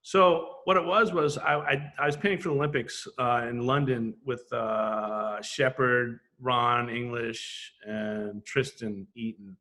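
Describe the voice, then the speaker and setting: A man's voice: mid-range voice, a little slow, few pauses. A middle-aged man, a graffiti artist guest on a podcast, telling stories in casual, profane chat and acting out the back-and-forth of conversations. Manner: animated, acts out quoted exchanges, swears casually.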